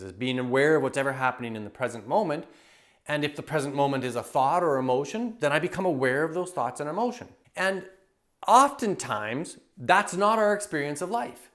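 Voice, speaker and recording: A man working as a happiness coach, giving an enthusiastic, animated teaching talk to camera and acting out everyday scenes. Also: on the high side. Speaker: happiness coach and public speaker.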